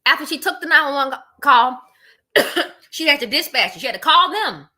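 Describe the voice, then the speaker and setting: Woman reacting to a call recording, high bright voice that swings all over, blunt, keeps talking to her viewers. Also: expressive, normal speed. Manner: blunt, talks to viewers as "y'all". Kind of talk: casual reaction commentary.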